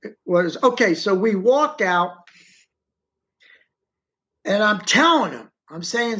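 A man's voice: high-pitched, expressive, slow, pauses often, sharp tone. A middle-aged man, an interview guest, telling a first-person story in a rambling, repetitive way and often slipping into the present tense. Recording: dull, muffled audio.

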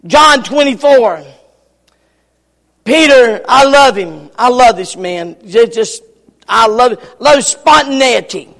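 Preacher, male, unusually high and gravelly voice, slow, impassioned delivery with shouted bursts, reverberant church hall. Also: lively intonation. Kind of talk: sermon. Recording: long reverb of a large hall.

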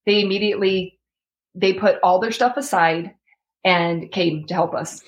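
Unhurried and fairly low in pitch, a young adult woman from the United States is heard on a low-quality recording. She's an interview guest telling a heartfelt personal story, giving voice to its people and laughing between lines.

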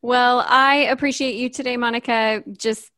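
Woman podcast host, earnest, measured, dry close voice. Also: fairly high pitch, steady tone, bright, forceful tone, no room sound. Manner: earnest and measured, thanks guests and listeners. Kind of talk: casual podcast conversation.

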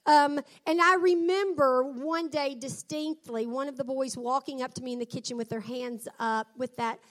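A middle-aged woman with a notably high voice talks about raising her sons. She tells her stories in an earnest, reflective way, taking her time. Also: fairly even intonation, normal speed. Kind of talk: personal talk on parenting.

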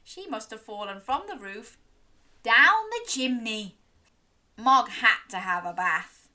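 A woman's voice: a little high, lively intonation, slow pace, pushed and bright. A young woman reading a children's story aloud, sing-song and encouraging, gasping and inviting little listeners to join in.

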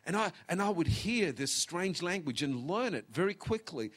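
This pastor, a man in his fifties, has a high, sing-song, fairly bright voice. Preaching in a large auditorium, he grows emotional and close to tears, pausing dramatically and sinking to whispers.

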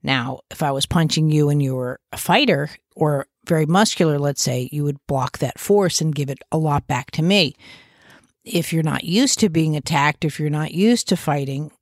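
Chatty podcast host, child therapist, mid pitch, conversational, dry close sound. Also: moderate pace, dry recording. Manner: conversational, often restarts and uses fillers; gives warm, reassuring asides. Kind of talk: casual explanatory podcast talk.

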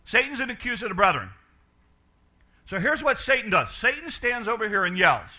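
A man preaching a sermon as pastor, animated and asking his congregation questions, dropping quiet for emphasis. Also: sits high, quick pace.

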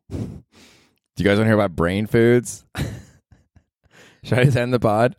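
Low-voiced sarcastic man hosting a podcast. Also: slow, pauses often, no room sound, clean studio sound. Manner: sarcastic, swears a lot, animated asides. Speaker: podcast host. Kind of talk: casual comedic monologue.

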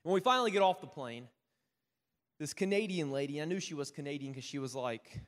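A man's voice: sits high, animated, quick pace, a bit bright, big-room sound. A man preaching a sermon, mixing self-mocking stories with Bible reading and often asking "right?". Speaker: pastor.

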